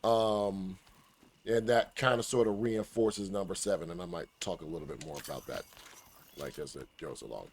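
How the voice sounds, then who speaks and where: Speaking in a deep voice at a moderate pace, a man plays a game and gives relaxed, casual advice for his gaming guide. He trash-talks his opponents and lets a swear word slip now and then.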